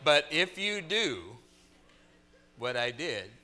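A middle-aged male preacher tells a humorous story in his sermon with a lively, joking delivery. His voice sits somewhat high and rings bright, and his pitch swings widely. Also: slow.

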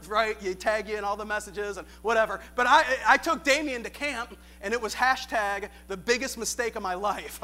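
High, bright-voiced preaching man. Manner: animated preaching, swinging from shouted questions to quiet storytelling with laughs. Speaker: youth pastor. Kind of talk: sermon.

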